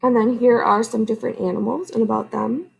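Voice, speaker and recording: A woman teacher reading a picture book aloud to her class, then gently explaining its lesson. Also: fairly high pitch, steady tone, fairly quick, creaky, breathy edge, rough recording. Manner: gentle, explaining, asks "right?".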